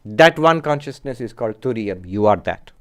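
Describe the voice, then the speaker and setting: A man, a monk and spiritual teacher, giving a measured philosophy lecture and stressing points with rhetorical questions to his listeners. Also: fairly low pitch, animated, clear, resonant tone.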